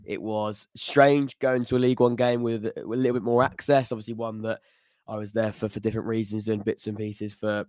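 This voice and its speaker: A man's voice: lowish voice, level tone, brisk, a little mellow, dry recording. A man co-hosting a casual podcast, chatty, laughing easily and repeating himself. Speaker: podcast co-host.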